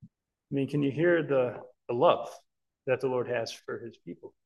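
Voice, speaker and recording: A man's voice: mid-range voice, moderate pace, vocal fry, a little mellow, muffled recording. A man preaching a Bible-teaching sermon in an earnest, emphatic way, often checking in with listeners.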